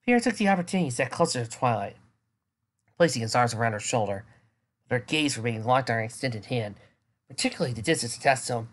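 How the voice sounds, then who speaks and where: A woman's voice: very deep voice, expressive, fast talker. A woman reading fan fiction aloud, with small stumbles and restarts. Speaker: reader.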